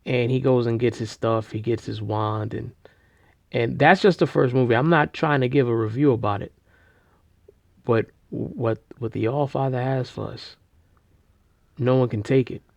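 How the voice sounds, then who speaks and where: A man casually retelling a story, rambling with slang, fillers and restarts, and getting loud and animated at the big moments. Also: medium pitch, moderate pace, vocal fry, no room sound. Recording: dull lo-fi recording.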